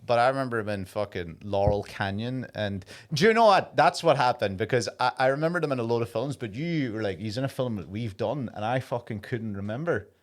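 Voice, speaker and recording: A man's voice: medium pitch, animated, fairly quick, few pauses. An Irish man co-hosting a podcast, chatting casually, swearing freely and acting out what people say. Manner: sweary, acts out quoted people. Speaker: podcast co-host. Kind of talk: casual chat.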